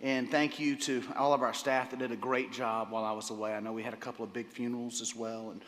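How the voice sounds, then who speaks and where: A man pastor preaching a sermon to his congregation, enthusiastic, often repeating words and pausing with fillers. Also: mid-range voice, little pitch movement, a bit bright. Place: church sanctuary. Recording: long hall reverb.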